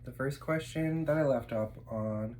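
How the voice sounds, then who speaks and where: A man's voice: medium pitch, a little slow, a little mellow, a little hiss or hum, poor audio. Casual male vlogger, mid-range voice, loose filler-heavy delivery, eating at home. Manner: rambling and chatty, with many fillers. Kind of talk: casual eating vlog chat.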